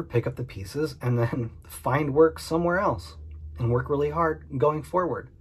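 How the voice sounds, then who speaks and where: A man's voice: mid-range voice, husky. A man and small business owner speaking earnestly and candidly in a vlog monologue, repeating his points for emphasis. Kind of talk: direct-to-camera vlog monologue.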